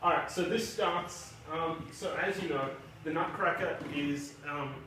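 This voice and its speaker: A man's voice: on the high side, a little slow, background noise. A man, a debut novelist, giving a casual, self-deprecating speech and reading from his book at a launch. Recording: echoey room from a distance.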